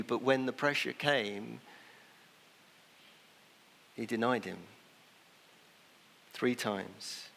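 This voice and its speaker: A man's voice: mid-range voice, slow pace, gravelly, pauses often, fairly bright tone. A man preaching a sermon in a conversational way, sometimes acting out the people he quotes. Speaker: pastor. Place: church. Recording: long church reverb.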